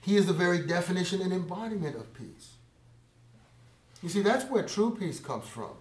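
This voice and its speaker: A man's voice: high voice, expressive, roomy sound. Man preaching with big dynamic swings. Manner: dynamic preaching, swells loud on key phrases and drops to a hush; slow, drawn-out emphasis on scripture words. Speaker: pastor. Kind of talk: sermon.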